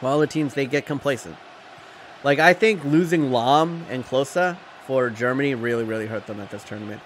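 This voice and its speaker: A man's voice: medium pitch, a little fast, slight background noise. A young man streaming, talking casually and rambling to his chat, often swearing. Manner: rambling, chatty, profane, laughs at chat.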